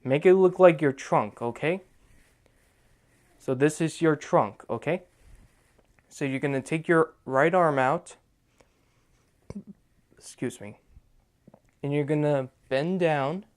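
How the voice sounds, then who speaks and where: A young man walks viewers through a dance routine one step at a time, pausing to ask "okay?" after each move. His delivery is unhurried and deliberate. His voice is smooth and clear, sitting slightly high for a man. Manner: repeats "okay?" to check in, counts out moves slowly. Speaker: dance tutorial host.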